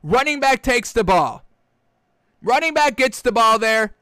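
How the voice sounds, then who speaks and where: A man giving solo football commentary, excitably ranting and calling his viewers "folks". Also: very high-pitched, a little slow, no room sound. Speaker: sports commentator.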